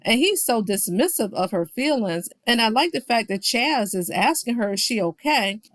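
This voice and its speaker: A woman's voice: on the high side, lively intonation, normal speed, fairly bright tone, no echo. A woman recapping a reality show in casual commentary, talking straight to her viewers and quoting people with playful shifts of voice. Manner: chatty, quotes people with playful voice swings.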